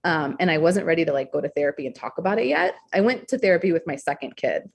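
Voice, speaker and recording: A young adult woman talking candidly as a podcast guest, expressive and blunt, swearing freely. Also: low voice, fast, creaky, slightly rough. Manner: frank, expressive, swears freely, acts out quoted thoughts. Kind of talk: candid interview conversation.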